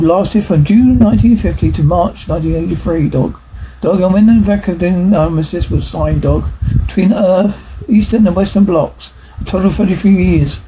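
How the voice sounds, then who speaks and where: A man's voice: high voice, warm tone. A man voicing a pompous, sarcastic, well-spoken male dog that lectures in formal words, reading from a film script. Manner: condescending, lecturing, formal wording. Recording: noisy recording with clicks.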